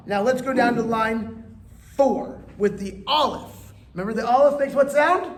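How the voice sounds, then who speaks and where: Chatty rabbi teaching in an echoey room. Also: male voice, extremely high pitch, a little slow, slight background noise. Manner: chatty, digressive, joking, leads call-and-response vowel drills. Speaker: rabbi teaching a Hebrew class. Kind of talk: informal language lesson with drills.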